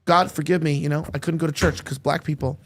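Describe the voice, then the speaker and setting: A man with a somewhat high speaking voice tells a story on a podcast. He is lively and crude, jumping between jokes and the next turn of the tale. It is casual studio chat. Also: fast. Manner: animated, crude joking anecdotes. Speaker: podcast host.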